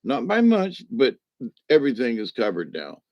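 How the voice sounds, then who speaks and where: A man's voice: mid-range voice, huge pitch swings, normal speed, darkish tone, no echo. A man telling a personal story in a casual, rambling way, folksy and meandering, with homespun slang.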